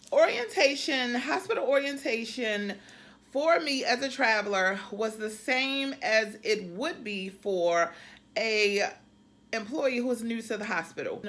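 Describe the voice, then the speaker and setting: A woman's voice: on the high side, fairly bright tone. A woman travel nurse chatting casually to her viewers in a vlog, calling them y'all. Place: room used for filming.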